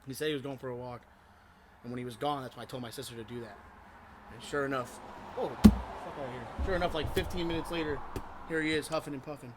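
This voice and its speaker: A young man co-hosting a podcast, tipsy, telling a prank story with loud laughs, swearing and acted-out quotes. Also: mid-range voice, fairly even intonation, fast talker. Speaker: podcast co-host. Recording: noisy home recording.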